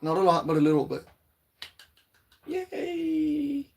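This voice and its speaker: A man hosting a casual livestream, greeting viewers and rambling excitedly about shows and quotes, with a voice still a little hoarse. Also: on the high side, a little slow. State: voice slightly hoarse, recovering. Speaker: livestream host reading chat.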